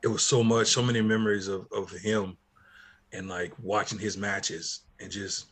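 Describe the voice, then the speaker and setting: A man's voice: on the low side, fairly even intonation, normal speed, husky. A middle-aged man co-hosting a casual talk show, reminiscing in a laid-back way with many restarts.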